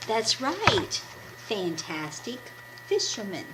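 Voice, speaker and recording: A woman with a scratchy voice, hoarse from a cold, hosting a children's puppet show and encouraging the kids as a story is read. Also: fairly high pitch, takes it slowly. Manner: warm, encouraging teacher talk to children. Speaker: puppet ministry host. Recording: steady background noise.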